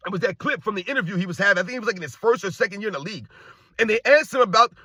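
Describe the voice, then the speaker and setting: A man's voice: high voice, expressive, very fast, pushed and bright, breathy edge, dry recording. A middle-aged man delivering a heated, repetitive sports rant, talking straight to his viewers. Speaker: sports commentator. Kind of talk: ranting commentary.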